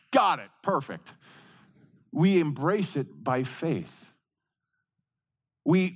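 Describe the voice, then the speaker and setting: A male pastor delivering a sermon with a voice a little higher than most men's. He preaches emphatically, hammering key words through repetition. His delivery lurches between quick, pressing bursts and slow, deliberate phrases.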